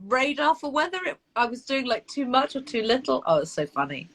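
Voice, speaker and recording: A woman, an actress, chatting casually on a live video call, animated and laughing as she tells stories about herself. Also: high-pitched, fairly quick. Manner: animated, laughing, self-deprecating storytelling. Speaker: actress guest.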